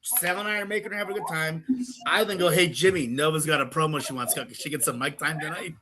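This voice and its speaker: A man in his thirties, a wrestler guest on a podcast, telling stories in lively casual chat, swearing and laughing often. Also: fairly high pitch, fast talker, background noise. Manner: animated storyteller, swears a lot, laughs often.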